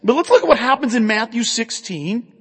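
Preaching earnestly and conversationally, this high-voiced male pastor asks his audience questions as he goes. He sounds expressive and brisk, with a breathy edge, and long reverb carries his voice as if through a big hall.

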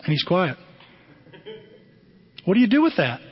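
A high-voiced pastor preaching with a husky edge, acting out the voices in his stories. His sermon is caught on a dull, muffled recording with a long hall reverb behind him. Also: a little slow. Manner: animated storytelling, acting out quotes.

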